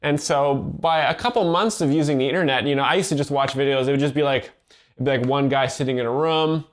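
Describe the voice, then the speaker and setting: A young man explains comedy bits in a flat, mock-serious commentary, delivering absurd statements as if they were sensible advice. His voice is smooth and clean, sitting at an ordinary male pitch. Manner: deadpan, mock-earnest, sarcastic. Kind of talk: deadpan ironic commentary.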